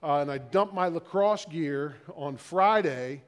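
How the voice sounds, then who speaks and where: A middle-aged male pastor preaching a sermon, repeating questions in a slow, building list and dropping low and quiet when he quotes scripture. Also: in a large hall.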